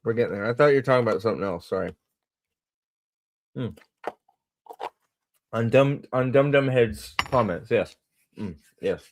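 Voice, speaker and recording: A man's voice: mid-range voice, normal speed, long pauses, slight background noise. A man hosting a casual livestream, rambling, swearing and mocking as he reads comments and talks to chat. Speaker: host.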